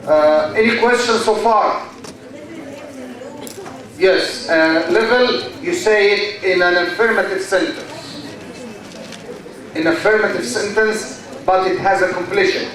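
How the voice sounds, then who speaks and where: Slow echoey Egyptian male lecturer. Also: high voice, fairly bright tone. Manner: slow and deliberate, quizzing students with questions. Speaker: university lecturer. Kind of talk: classroom lecture. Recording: very echoey classroom, mic far from speaker.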